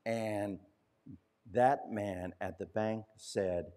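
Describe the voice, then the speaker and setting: A male pastor telling a story in a sermon, conversational, slowing down and dropping to a hush at key points. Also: medium pitch.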